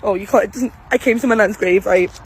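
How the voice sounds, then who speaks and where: A woman's voice: medium pitch, quick pace, slight background noise, rough recording. A woman filming herself on a phone outdoors at a graveside, crying and shaking as she tells viewers what just happened. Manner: breathless, tearful, talks straight to viewers. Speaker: vlogger. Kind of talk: emotional vlog to camera. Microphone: phone camera.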